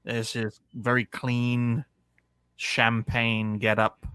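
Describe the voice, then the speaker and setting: A man hosting satirical commentary as a cartoon gentleman, sarcastic and speaking straight to his viewers. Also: mid-range voice, flat delivery, drawn-out words, clear, resonant tone, no room sound. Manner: sarcastic, says "folks" often. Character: dignified male cartoon gentleman. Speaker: host.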